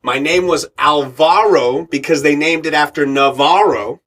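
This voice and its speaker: His voice is on the high side and his pace measured. A middle-aged actor and radio host guesting on a podcast, he narrates a story vividly, playing the voices of its characters and laughing often.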